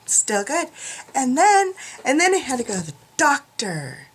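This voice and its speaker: A woman's voice: sits high, very animated, a little slow, husky. Chatty self-mocking woman vlogger. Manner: chatty, rambling, self-deprecating. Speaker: craft vlogger. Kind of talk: casual chat.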